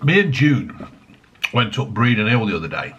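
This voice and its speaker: Sweary rambling man with a lively voice. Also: medium pitch, moderate pace, dull audio, a little hiss or hum. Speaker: drinks reviewer. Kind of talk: casual review vlog. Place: home desk.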